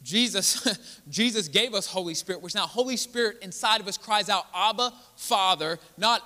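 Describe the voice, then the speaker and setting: Pastor, male, bright forceful sermon voice, reverberant sanctuary. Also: high voice, moderate pace. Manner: earnest, building to emphatic preaching. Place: church sanctuary. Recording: church hall with long reverb.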